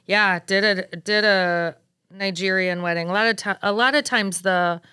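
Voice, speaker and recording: A woman guest on a podcast interview, telling lively, animated stories about her work as a wedding planner. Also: mid-range voice, moderate pace, smooth, no echo, clean studio sound. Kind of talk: casual podcast interview storytelling.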